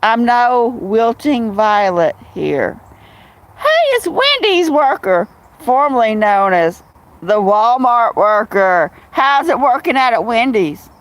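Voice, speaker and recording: A woman's voice: a little high, expressive, slow, poor audio. A woman chatting casually on a phone livestream at home, greeting viewers by name and telling stories. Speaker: livestream host.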